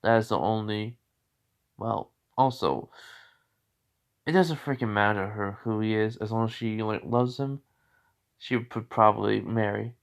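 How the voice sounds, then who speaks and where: A man's voice: fairly low pitch, unhurried, vocal fry, long pauses. A man voicing a cocky, defiant young man who speaks bluntly and mockingly. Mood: scolding.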